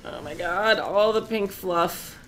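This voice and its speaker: A woman's voice: medium pitch, slow, a bit bright, soft background music. A woman chatting casually on a live stream while she sews, talkative and often breaking into laughter.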